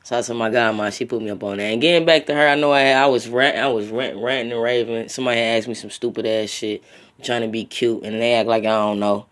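A man's voice: medium pitch, steady tone, fairly bright tone. Profane, rambling man hosting a solo podcast. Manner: profane, loose and rambling, talks straight at listeners; drawn-out slang tags like bro and my friend. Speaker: podcast host. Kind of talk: casual solo podcast rant.

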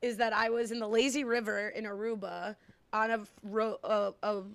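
A woman's voice: mid-range voice, fairly even intonation, moderate pace, vocal fry, clear, resonant tone, no room sound. A young woman from the United States co-hosting a podcast, playfully recapping an episode in casual chat. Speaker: podcast co-host.

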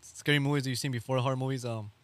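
A man's voice: medium pitch, fairly even intonation, very fast. A man co-hosting a podcast in casual chat, laid-back and slangy. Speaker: podcast co-host.

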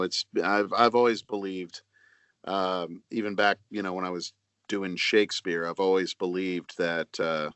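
A man talking as a voice actor guest on a podcast, chatty and self-deprecating with halting restarts. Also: low-pitched, a bit bright, dry recording. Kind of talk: casual podcast chat.

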